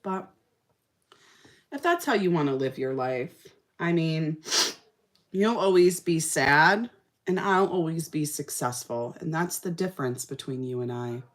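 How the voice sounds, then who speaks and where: Young woman vlogger, sassy and animated, fairly low voice, casual makeup chat. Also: measured pace.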